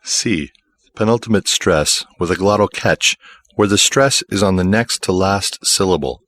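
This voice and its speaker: A man reading scripted instructional narration for a language course, in a measured, explanatory manner. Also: sits low, fairly bright tone, no room sound.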